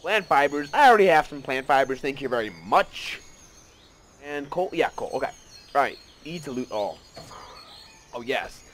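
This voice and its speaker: A man giving casual let's play commentary, excitable and rambling, often gasping and joking at himself. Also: medium pitch, moderate pace, long pauses, slight background noise. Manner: excitable, rambling, gasps and self-mocking asides.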